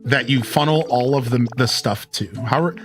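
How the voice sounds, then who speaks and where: Over faint music, a man with a mid-range voice at normal speed plays a video game on stream and keeps up casual commentary, chatting with viewers and addressing chat with plenty of "dude" and "like."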